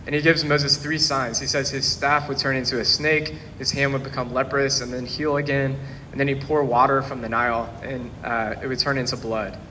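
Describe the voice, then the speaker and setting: A man who is a pastor, preaching a sermon in an earnest, steady way. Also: mid-range voice, moderate pace, slight background noise. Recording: long hall reverb, faint ambience.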